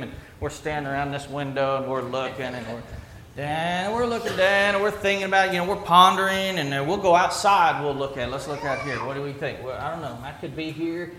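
A pastor with a high, bright voice speaks to his congregation in a relaxed, halting way, circling back and restarting his phrases. The big church room rings around him, with faint ambience underneath. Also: reverberant, slight background noise. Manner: conversational, halting with restarts and fillers. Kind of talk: sermon. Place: church sanctuary.

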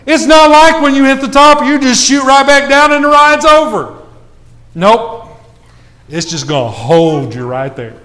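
A man preaching a sermon, telling a self-mocking story with lively swings in his voice. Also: extremely high pitch, unhurried.

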